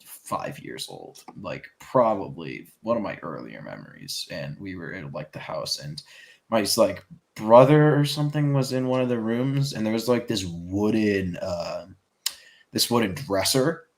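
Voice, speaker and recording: A man co-hosting a casual podcast, telling stories in an animated way, swearing freely and laughing a lot. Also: lowish voice, measured pace, gravelly. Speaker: podcast co-host. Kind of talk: casual chat.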